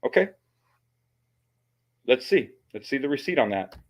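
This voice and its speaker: A man's voice: medium pitch, sing-song, measured pace. A man hosting his channel and giving blunt, mocking commentary on a recorded call, swearing often. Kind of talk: profane commentary.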